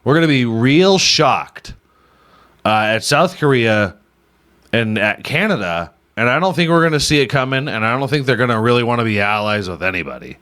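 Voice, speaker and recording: Male podcast host, casual comedic riffing, irreverent and profane, very animated pitch. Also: normal speed. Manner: irreverent, swears often, laughs at own jokes.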